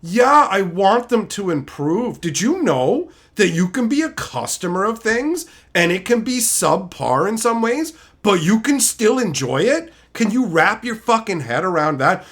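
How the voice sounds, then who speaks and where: A man's voice: sits high, very animated, a little slow, few pauses, fairly bright tone. A man streaming live, ranting casually with lots of swearing, mocking jabs and laughter. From Canada.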